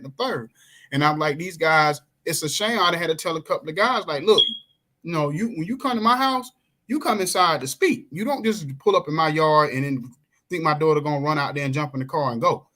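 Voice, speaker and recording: A lively middle-aged man, talking in a bright, forceful voice that sits a little high for a man. He tells stories with big swings in pitch and acts out the people in them. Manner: animated storyteller, acts out quoted voices, swings pitch widely. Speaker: coach and podcast guest. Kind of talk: casual chat.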